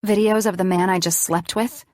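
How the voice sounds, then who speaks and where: A woman's voice: mid-range voice, fairly even intonation, moderate pace, no room sound, studio quality, close to an everyday voice. Cold, accusing young woman, as the narrator speaks her lines. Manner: sharp, accusing.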